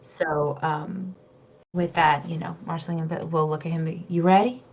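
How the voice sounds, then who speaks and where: A woman's voice: sits low, little pitch movement, highs cut off, slight background noise. A woman playing in a tabletop horror game, casual and laughing often. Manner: giggly, unhurried, laughs often. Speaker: player.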